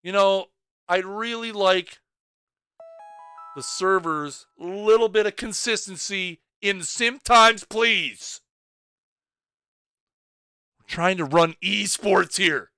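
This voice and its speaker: A man's voice: high-pitched, slow, long pauses, bright, forceful tone, smooth, dry recording, clean studio sound, soft background music. A man hosting a game livestream, chatting casually and joking playfully with his viewers. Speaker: stream host.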